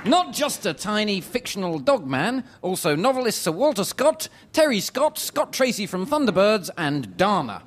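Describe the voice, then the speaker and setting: A man with a high, animated voice co-hosts a radio comedy show. He reads his scripted links in an earnest mock-presenter tone. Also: normal speed, few pauses, slight background noise.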